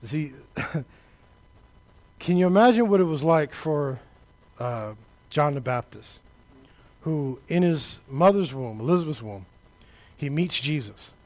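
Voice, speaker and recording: A man preaching a sermon, talking straight to the congregation, building to shouted peaks and then dropping low and quiet. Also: lively intonation, takes it slowly. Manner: conversational, addresses the congregation directly.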